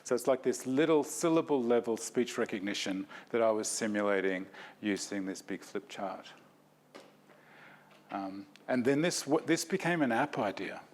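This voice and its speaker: A man's voice: mid-range voice, animated, moderate pace. A man giving an academic talk, reflective and self-deprecating, in a lecture hall.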